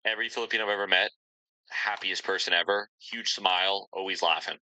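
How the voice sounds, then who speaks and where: A man with a low, deep voice and a strikingly bright, forceful edge, hosting a casual sports podcast. He rambles along cheerfully and fills his pauses with ums and likes. The sound is close and dry, with no room around it. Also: steady tone, dry recording, rough recording. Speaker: podcast host.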